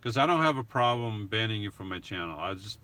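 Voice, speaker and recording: A man's voice: lowish voice, expressive, fairly quick, pushed and bright. A man hosting a livestream, rambling casually as he answers viewer comments. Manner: rambling, self-correcting, chatty. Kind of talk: casual live chat.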